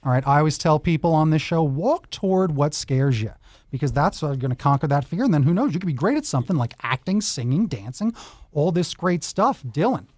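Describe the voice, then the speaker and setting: A man's voice: on the high side, expressive, a little fast, a little mellow, dry recording. A man hosting a talk show who interviews children in an enthusiastic, encouraging way and offers them advice. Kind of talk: upbeat interview with kids.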